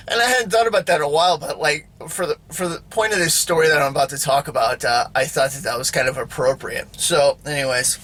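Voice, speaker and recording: Man host, casual monologue; bright-toned, rambles, leans on filler words and "right?" checks with the viewer. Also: fairly high pitch, big pitch swings, normal speed. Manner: rambling, full of fillers and tag questions. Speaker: video host.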